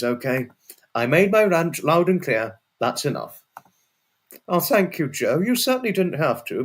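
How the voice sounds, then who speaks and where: A man hosting a casual livestream and chatting with viewers. He rambles and repeats himself, and now and then breaks into a sweary outburst. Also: mid-range voice. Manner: rambling and repetitive, often restarts and repeats phrases. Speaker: livestream host. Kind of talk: casual livestream chat, answering viewers' messages.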